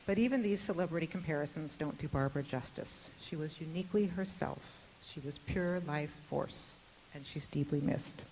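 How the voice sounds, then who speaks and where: A woman with a low voice moderates a university panel in a lecture hall. She talks with wit and easy fillers. The recording carries a long hall reverb and a faint hiss. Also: normal speed. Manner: warm tribute, witty, chatty with fillers. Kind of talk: public talk.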